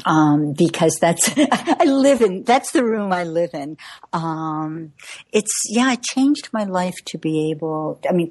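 Chatty woman in her sixties, fairly low. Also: darkish tone, slightly rough, no echo. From United States. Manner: chatty, laughs often, many fillers. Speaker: cookbook author. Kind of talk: interview conversation.

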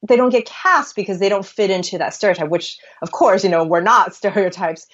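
Animated American woman, slightly muffled. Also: mid-range voice, brisk. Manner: animated, laughs often, restarts phrases. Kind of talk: conversational interview.

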